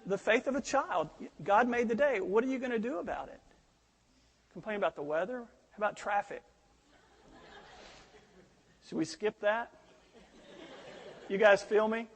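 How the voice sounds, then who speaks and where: A man's voice: sits high, expressive, a little slow, long pauses, long reverb tail. A middle-aged male pastor preaching a sermon, telling stories animatedly and acting out the quoted voices.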